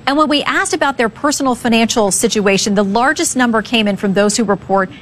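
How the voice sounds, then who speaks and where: Woman news anchor, measured questions. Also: a little high, a bit bright, a little hiss or hum. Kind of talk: broadcast interview.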